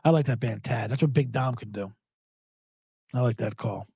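A man hosting a casual sports podcast, talking in an animated, profane way and jumping between topics with loud mocking impressions. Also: mid-range voice, moderate pace, breathy edge, no echo. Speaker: podcast host.

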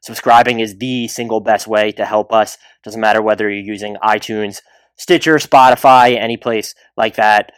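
A man's voice: fairly low pitch, fairly even intonation, normal speed, clear, resonant tone, no room sound. A man hosting a solo basketball podcast, chatty and rambling with restarts and asides. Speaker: podcast host.

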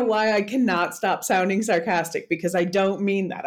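A woman hosts a casual academic podcast interview. She talks in long, rambling runs, often laughs, and her voice sits at an ordinary pitch for a woman. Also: fairly even intonation, normal speed, few pauses. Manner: chatty, rambling, laughs easily. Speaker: podcast host.

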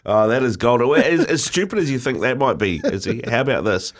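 A man's voice: mid-range voice, sing-song, a little fast. A man with a mid-range voice chats casually on a sports podcast. He tells his story at an easygoing pace and laughs along. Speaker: podcast co-host. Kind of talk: casual chat.

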